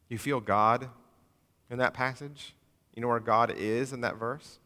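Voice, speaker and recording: Bright-voiced pastor preaching in a reverberant church. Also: male voice, mid-range voice, fairly even intonation, measured pace. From moved to Texas from elsewhere. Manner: humorous, conversational preaching with acted-out asides. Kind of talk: sermon. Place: church sanctuary. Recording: long church hall reverb.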